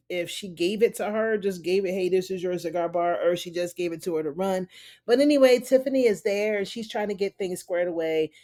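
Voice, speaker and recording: A woman's voice: lowish voice, dark tone. A woman recapping a TV episode in a loose, chatty way, full of "you know" and "honey". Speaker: TV recap reviewer. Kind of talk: casual spoken episode recap.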